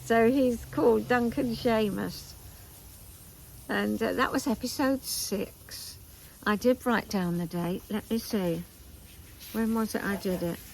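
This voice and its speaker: Slow-talking chatty older woman. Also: on the high side, creaky, slight background noise, low-quality recording. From England. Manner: chatty and meandering, with asides and pauses. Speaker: knitting vlog host. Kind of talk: casual chat to camera. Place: garden, outdoors.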